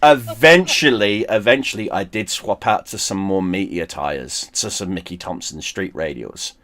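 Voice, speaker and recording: A man hosting a stream, telling a story in casual chat. He swears a lot, gets animated and often restarts his sentences. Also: sits low, normal speed. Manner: profane, animated, with frequent restarts. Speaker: streamer host.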